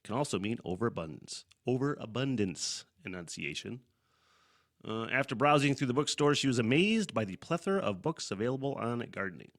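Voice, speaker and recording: A man's voice: mid-range voice, very animated, a little fast. A man hosting his own podcast, chatting casually and loosely, swearing freely and laughing at his own asides. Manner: loose and profane, rambling with fillers and chuckles. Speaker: podcast host. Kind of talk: casual solo podcast chat.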